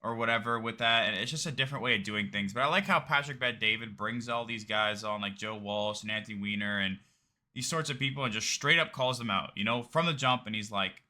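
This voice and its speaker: A man's voice: on the low side, brisk, bright, forceful tone. A man giving casual, blunt reaction commentary on a debate clip in a mocking, slangy way.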